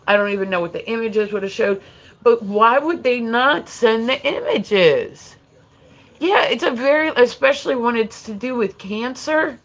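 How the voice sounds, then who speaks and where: A woman's voice: on the low side, rough recording. A woman chatting casually on her livestream, frank and talkative, swearing freely as she talks to her viewers.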